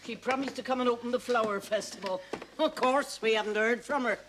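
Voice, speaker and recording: A stern older village woman who organises the flower festival, played by an actress, blunt and indignant. Her voice sits a little high. Faint hiss runs under the old TV soundtrack. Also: brisk, close to an everyday voice.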